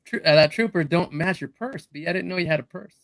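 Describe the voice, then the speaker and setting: A man's voice: on the high side, fast, a bit bright, no room sound. A man teasing his friends in a casual group chat and laughing a lot.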